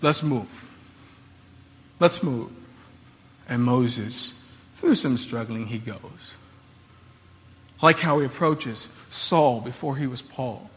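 A man's voice: medium pitch, slow pace, fairly bright tone, long reverb tail. A man preaching a sermon as a pastor, in a casual, conversational way with slangy asides.

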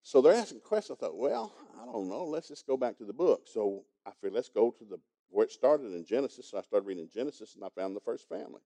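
A man's voice: medium pitch, very animated, fast, few pauses, warm tone. A man preaching a sermon, telling a folksy story and chuckling as he goes. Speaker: pastor teaching a congregation.

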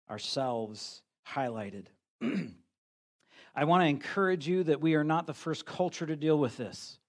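A middle-aged man, a pastor, preaching a sermon in a conversational, self-deprecating way, often restarting his sentences. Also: medium pitch.

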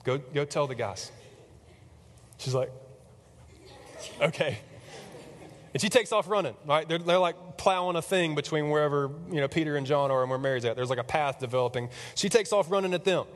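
A man retells a story as a casual, chatty sermon, animated and full of fillers. His voice is a bit high for a man and carries a long reverb from a large hall. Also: fast, hardly any pauses.

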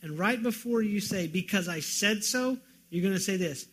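A man preaching a sermon as pastor, moving from loud pleading questions to quiet, earnest emphasis. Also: sits high, moderate pace, breathy edge.

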